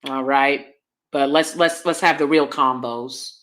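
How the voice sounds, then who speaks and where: Woman, American, livestream host, animated, blunt, brassy tone, high-low register swings. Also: a little slow. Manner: blunt, laughing asides. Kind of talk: casual livestream commentary, reading chat.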